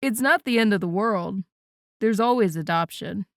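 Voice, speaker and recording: A playful young man who teases and jokes easily, as a woman reads him. Her voice stays clear and smooth, in a dry, close recording. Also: mid-range voice, normal speed, no room sound, lightly acted. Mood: earnest. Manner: playful, teasing. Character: joking adult man, teasing brother-in-law. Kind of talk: audiobook character voice.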